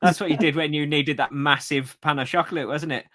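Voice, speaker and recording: A man's voice: fairly high pitch, fairly even intonation, fairly quick, fairly bright tone. A man co-hosting a running podcast, easygoing and agreeable, reading listener comments. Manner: easygoing, agreeable, frequent yeahs. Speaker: podcast co-host.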